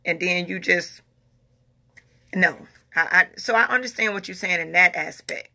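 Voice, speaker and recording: Lowish in pitch, with vocal fry and a bright, forceful tone at normal speed, this woman in her forties reads and responds to viewer comments. She's an opinionated vlogger speaking casually and emphatically, repeating phrases in informal Southern American grammar.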